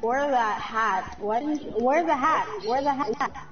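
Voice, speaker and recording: A woman with a high voice trading brusque, dismissive banter with other players. Her voice comes through muffled, lo-fi game voice chat. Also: a little slow, soft background music. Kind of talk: casual gaming voice chat.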